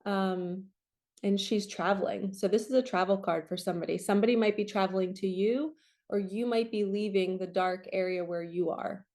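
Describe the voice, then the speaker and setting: A woman giving a casual, upbeat tarot reading as a spiritual coach, chatting encouragingly with quick asides. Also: medium pitch, fairly even intonation, warm tone.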